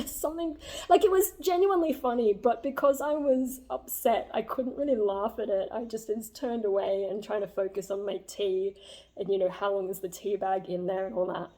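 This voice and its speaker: A young woman talks through a personal story in a casual vlog. Her voice sits at an ordinary pitch with a soft, mellow warmth. She rambles earnestly, leaning on fillers as she reflects. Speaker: vlogger.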